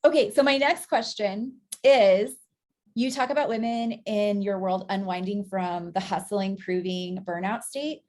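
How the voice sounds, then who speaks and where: A woman's voice: mid-range voice, fairly even intonation, a little slow, a little mellow. A woman hosting a podcast, agreeing with her guest and asking questions in casual conversation. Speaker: podcast host.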